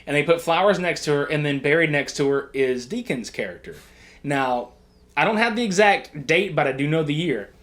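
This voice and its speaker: A man co-hosting a podcast, retelling film scenes in a casual, profane, animated way. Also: on the high side, brisk. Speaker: podcast co-host. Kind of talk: casual movie review chat. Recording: early amateur mic setup.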